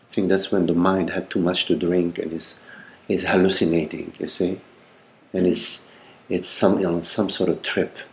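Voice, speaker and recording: An older man, a spiritual teacher, speaking gently in a meditative question-and-answer talk, with halting, repetitive phrasing and frequent "you see.". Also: low-pitched.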